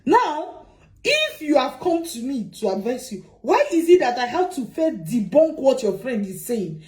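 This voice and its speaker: A woman giving advice as a migration consultant, animated and repeating her points with rhetorical questions. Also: sits high, unhurried, poor audio. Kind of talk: advice talk to camera.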